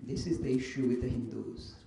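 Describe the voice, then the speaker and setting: Animated man lecturing in an echoey room. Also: mid-range voice, a little fast, creaky. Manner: animated storyteller, mimics others in dialogue. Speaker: invited speaker answering questions. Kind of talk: lively lecture with acted anecdotes. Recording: echoey room with faint noise.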